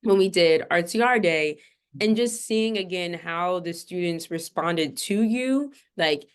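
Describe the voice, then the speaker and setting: A woman hosting a podcast interview, chatty and affirming, asking long, animated questions. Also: fairly low pitch, unhurried, clean tone. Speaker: podcast host.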